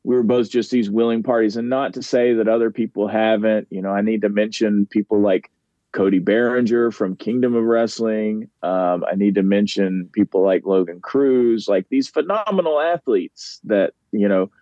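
A man's voice: on the low side, moderate pace, mellow, dry recording, dull audio. A man, a professional wrestler, chatting as a podcast guest, rambling with easy laughs and dropping names of fellow wrestlers. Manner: rambling, laughs easily, name-drops peers. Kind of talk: casual podcast chat.

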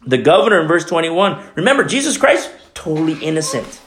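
A man's voice: a little high, very animated, normal speed, roomy sound. A man preaching a sermon as pastor, with emphatic, repetitive, conversational delivery. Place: church.

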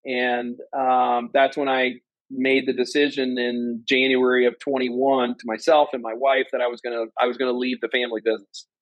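Man in his 50s, interview guest, earnest and animated, mid-pitched, dry close sound. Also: moderate pace, no room sound, poor audio. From Ohio, USA. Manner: earnest, animated storyteller who acts out quotes in a higher voice. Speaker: guest, former company president. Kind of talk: personal storytelling in an interview.

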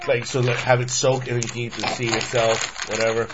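A man's voice: mid-range voice, fairly quick. A man hosting a casual snack-tasting chat with friends, rambling and laughing easily. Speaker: host. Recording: lo-fi with steady noise.

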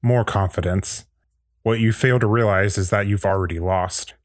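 A man's voice: fairly low pitch, fairly even intonation, moderate pace, no room sound, clean studio sound, close to an everyday voice. An actor reading a gloating male villain entity that absorbs powers, at a table read of a fan script. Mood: gloating menace. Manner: gloating, sinister.

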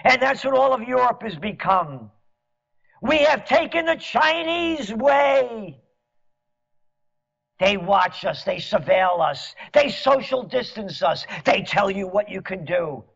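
A man delivering a sarcastic, mocking monologue as a commentator, at times rising to shouts. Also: sits high, very animated, slow, creaky, breathy edge. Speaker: trend forecaster and commentator. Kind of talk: ranting monologue. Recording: dull lo-fi audio.

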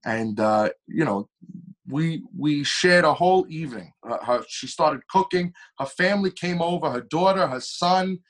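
A young man spins a story as a podcast guest. His voice sits a bit high for a man. He keeps his telling lively, speeding up and slowing down as he goes. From Long Island, New York. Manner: animated storyteller with shifting pitch and pace. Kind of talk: casual storytelling interview.

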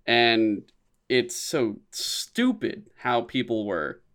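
Young man, podcast co-host, casual rambling chat, frequent swearing, mid-range voice, squeaky jumps when quoting reactions. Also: expressive, very slow, fairly bright tone.

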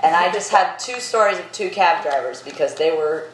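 A young woman telling a lively anecdote on a casual podcast. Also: fairly low pitch, moderate pace. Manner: animated anecdote teller. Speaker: podcast segment presenter. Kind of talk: casual storytelling. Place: apartment room. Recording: echoey room, faint noise.

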